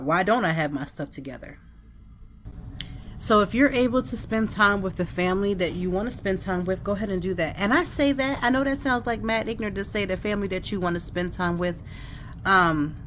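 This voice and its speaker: Woman podcast host, middle-aged, low-ish voice, heartfelt conversational monologue. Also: slight background noise. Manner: earnest, reflective, conversational with faith references. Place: home office.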